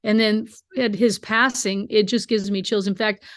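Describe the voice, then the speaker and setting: A middle-aged American woman who sings bluegrass is a guest on a remote interview, her mid-range voice moving at a moderate pace with fairly even intonation. She tells heartfelt, emotional stories and acts out quoted dialogue. The audio is studio quality with no room sound.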